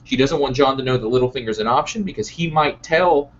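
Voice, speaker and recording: A man's voice: medium pitch, highs cut off. A man hosting a casual discussion, laying out his points earnestly, one by one. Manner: earnest, measured, explaining point by point. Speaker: show host.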